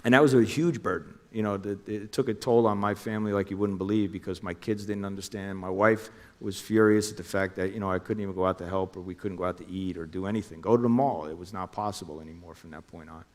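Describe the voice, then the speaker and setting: Middle-aged man, low voice, animated storyteller who acts out quotes, interview guest. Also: fast, few pauses, big-room sound. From New Jersey. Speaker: former undercover officer.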